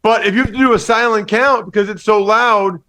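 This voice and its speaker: A former football player and analyst on a radio show, talking in a lively, teasing, joking way. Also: male voice, high voice. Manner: lively, teasing, quick to joke. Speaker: football podcast host and analyst, guest. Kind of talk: casual radio interview banter.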